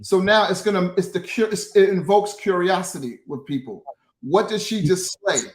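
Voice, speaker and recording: Man with a high voice explaining in an interview, restarts often, sounds recorded in an echoey room. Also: normal speed. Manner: explanatory, frequent restarts and "right?" tags. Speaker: guest, social media creator. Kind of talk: interview answers. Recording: roomy echo.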